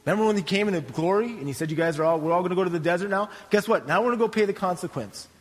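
A man's voice: sits high, racing, big-room sound. A man preaching, voicing Moses as a firm leader warning his people.

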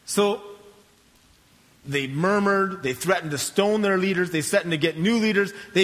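A man pastor preaching a sermon in a church, conversational and animated, with joking asides. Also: sits high, a little slow, in a large hall.

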